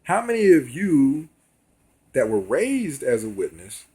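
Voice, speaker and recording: A man speaks in a casual video monologue, addressing his viewers directly and earnestly. His voice is husky and a little breathy, sitting at a middling pitch for a man. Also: wildly swooping pitch, unhurried, dark tone. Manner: earnest, talks straight to viewers. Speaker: vlogger.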